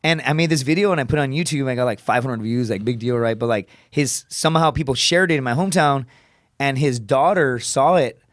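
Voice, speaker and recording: A man's voice: mid-range voice, a little fast, no room sound, clean studio sound. Man in his thirties swearing through stories. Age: 30s. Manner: profane, tags sentences with "right?". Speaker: podcast guest, comedian. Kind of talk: casual storytelling.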